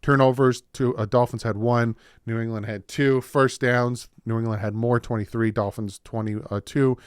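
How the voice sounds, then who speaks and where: A man hosting a casual football recap video, excited and winded, rattling off game stats. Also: mid-range voice, moderate pace, clear, resonant tone, no echo, clean studio sound. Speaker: sports video host.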